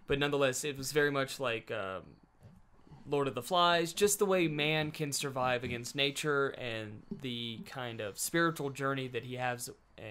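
A man's voice: medium pitch, fairly bright tone. A man co-hosting a casual movie podcast, rambling with lots of fillers and jokes. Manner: rambling, joking, laughs often with many fillers. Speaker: podcast co-host. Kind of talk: casual chat about movies.

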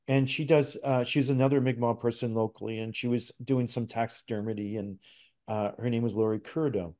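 A man's voice: mid-range voice, dark tone. A middle-aged man from Canada, a podcast guest telling a personal story in a casual, earnest way with frequent restarts. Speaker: podcast guest, spirit talker.

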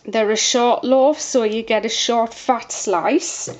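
A woman soap maker chatting casually through a demonstration, a bit out of breath, with lots of fillers. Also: a little high. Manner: chatty, unhurried, many fillers.

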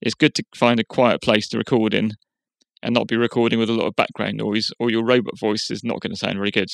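Man explaining software, dry close sound. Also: fairly low pitch, flat delivery, fast, gravelly, no room sound. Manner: plain, explanatory, step by step. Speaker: tutorial host. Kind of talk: software tutorial narration. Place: quiet room.

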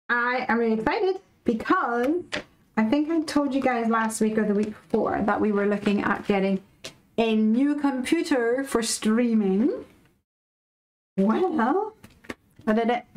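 A woman's voice: a little high, slight background noise, poor audio. A woman from the UK hosting a live craft stream, chatting casually and animatedly with viewers and reading out their comments.

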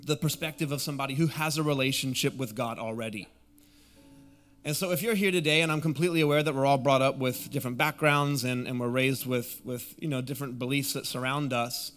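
A man's voice: medium pitch, a little fast, fairly bright tone, faint music behind. A young adult man preaching a sermon as a guest pastor, drawing the congregation in and having them repeat phrases back. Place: church auditorium.

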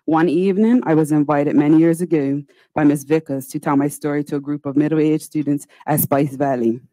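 A woman's voice: low voice, steady tone, warm tone, no echo, poor audio. A woman senator, giving a formal, earnest, pleading speech in a legislative chamber. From Bermuda. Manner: earnest, pleading, with slow deliberate pauses.

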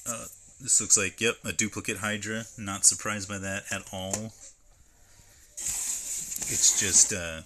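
A man's voice: lowish voice, flat delivery, slow, long pauses, background noise. A man streaming live from home, chatting casually and reading labels aloud as he unboxes. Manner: rambling, stops to read can labels aloud.

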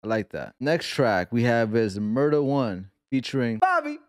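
A man from New York comments on music in a casual reaction video at a middle pitch. He gets excited quickly and stops to explain exactly what he means. His voice sounds dry and close, with no room echo.

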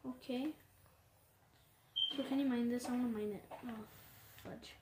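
A woman hosting her own gaming channel, giving casual gameplay commentary full of excited exclamations. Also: fairly high pitch, measured pace. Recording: roomy echo with steady background noise.

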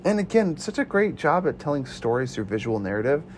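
A man co-hosting a casual movie review podcast, excitable and quick to act out scenes. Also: on the high side, a little hiss or hum. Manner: excitable, quotes scenes in put-on voices. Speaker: podcast co-host.

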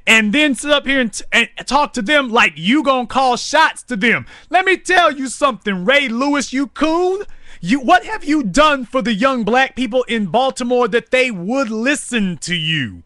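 A man's voice: very high-pitched, animated, moderate pace, few pauses, pushed and bright, no echo, clean studio sound. A man hosting a live talk show, delivering angry, preaching commentary full of repetition. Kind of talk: fiery political commentary.

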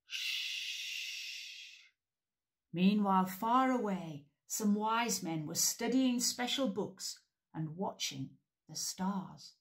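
With an animated, sing-song delivery, a woman who leads preschool worship tells a story to a group of small children. Her middle-pitched voice rises and falls in big, lively swoops, stays slow, clear and unhurried, and breaks for loud call-and-response cues so the kids can take part.

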